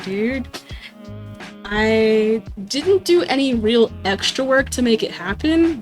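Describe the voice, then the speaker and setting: A young woman chatting casually on a livestream, giggling often, swearing offhand and mimicking others in high squeaky voices. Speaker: streamer.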